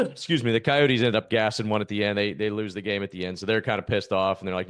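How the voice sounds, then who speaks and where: Fast-talking man with a lowish voice. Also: a bit bright, smooth. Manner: joking, laughs easily, quick banter. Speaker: podcast host, former pro golfer. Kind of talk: casual chat.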